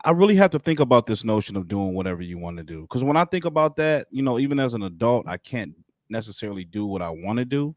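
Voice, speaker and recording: A man's voice: fairly low pitch, animated, fast, no room sound, studio quality. A man hosting a live stream, musing aloud in a casual, rambling way with frequent restarts. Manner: thoughtful, rambling, with many restarts.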